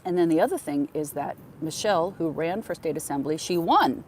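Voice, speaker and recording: A woman's voice: low voice, expressive, a little fast, a little mellow, a little hiss or hum. A middle-aged woman hosting a podcast, chatting through stories in a casual monologue and acting out the conversations she retells. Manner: chatty, acts out quoted conversations. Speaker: podcast host.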